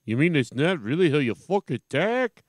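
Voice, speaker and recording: Brash, swearing Boston radio interviewer. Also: male voice, on the high side, big pitch swings, moderate pace, no room sound, studio quality. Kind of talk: comedic radio bit.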